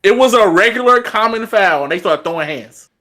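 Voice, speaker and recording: Bright-voiced man chatting basketball. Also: sits high, expressive, fairly quick. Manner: loose and conversational, leans on "like" and "bro". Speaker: podcast co-host. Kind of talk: casual sports chat.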